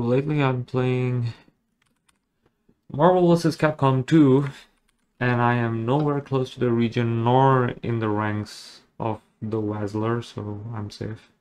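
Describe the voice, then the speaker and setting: A man's voice: mid-range voice, a little mellow. A man chatting casually as he draws digitally, rambling along with jokes and self-deprecating asides. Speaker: digital artist. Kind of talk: casual commentary while drawing.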